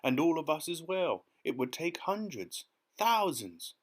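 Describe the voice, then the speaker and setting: A man voicing an old male grasshopper who talks in an emphatic, drawn-out, fatherly way in an audiobook. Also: fairly high pitch, sing-song, voice pushed up. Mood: exclaiming. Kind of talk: audiobook character reading.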